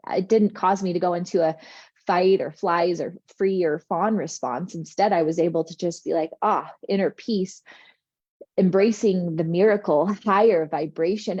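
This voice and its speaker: Woman, spiritual coach, earnest, reassuring, warm mellow tone, dull recording. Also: on the low side, no room sound. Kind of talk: motivational talk.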